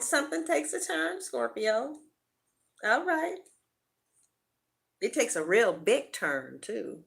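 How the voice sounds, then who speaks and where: Woman doing a tarot reading, blunt and swears a lot, bright edgy voice. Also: on the high side, sing-song, slow pace, vocal fry, pauses often. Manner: blunt and profane. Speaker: tarot reader.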